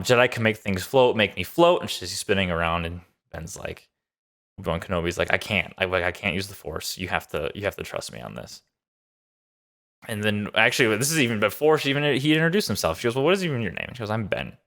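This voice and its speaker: Deep-voiced and sharp in tone, a show reviewer loosely recaps a TV episode. His delivery is upbeat and enthusiastic, wandering along with many fillers.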